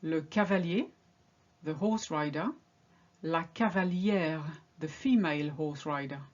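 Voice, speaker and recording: A woman talks through a pronunciation lesson at an unhurried, careful pace, setting out each example word on its own. Her voice sits a little low and comes through a slightly dull, lo-fi recording. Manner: slow, deliberate word-by-word drilling. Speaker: French teacher.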